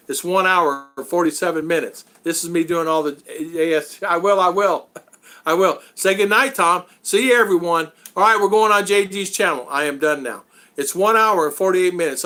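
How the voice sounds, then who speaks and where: A man's voice: sits high, sharp tone. A man hosting a casual live stream, rambling and chuckling, with many fillers.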